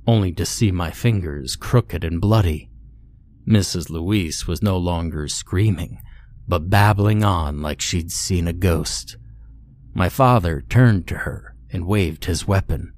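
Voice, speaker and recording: A man narrating a horror story in a measured, grim first-person telling. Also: low-pitched, darkish tone.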